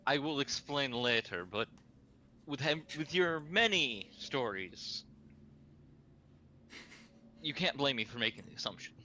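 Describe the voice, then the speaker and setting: A man playing a tabletop game with a bright, lively voice, wry and playful. A faint hiss sits in the background. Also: medium pitch, unhurried, pauses often. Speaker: player. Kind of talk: casual tabletop play.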